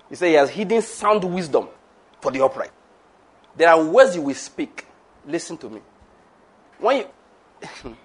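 A middle-aged pastor delivers an emphatic sermon in a church, pressing his listeners with repeated questions. His voice sits high for a man and has a husky, breathy edge. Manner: emphatic preaching with rhetorical questions.

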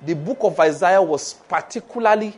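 A man preaching a sermon, animated and humorous, laughing often and acting out the voices he quotes. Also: sits high, normal speed.

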